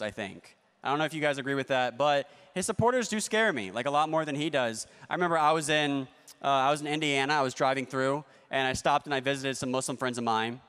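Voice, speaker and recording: A man doing a stand-up comedy set, with a deadpan, ironic delivery and playful asides to the crowd. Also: on the high side, clean tone. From United States. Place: large convention hall stage. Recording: long hall reverb.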